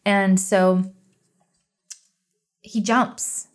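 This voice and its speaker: A woman's voice: medium pitch, steady tone, drawn-out words, clear, resonant tone. A woman in her thirties hosting a solo podcast, talking earnestly and encouragingly about trust and surrender. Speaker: podcast host.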